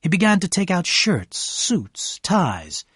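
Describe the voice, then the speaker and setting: Man reading a story slowly and clearly. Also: high-pitched, wildly swooping pitch, fairly bright tone, no room sound, clean studio sound. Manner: clear, slow, measured reading. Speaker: story narrator. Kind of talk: slow scripted narration for learners.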